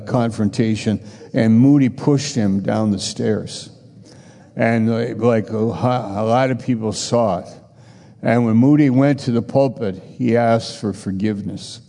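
Guy preaching, gravelly voice, big echoey church reverb, gets loud and pushy. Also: on the low side. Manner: earnest, grows emphatic and raised. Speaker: pastor. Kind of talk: sermon.

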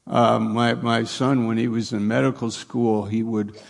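A man's voice: mid-range voice, level tone, a little slow, vocal fry. A middle-aged man preaching a conversational sermon as a pastor, plain-spoken and repeating his points for emphasis.

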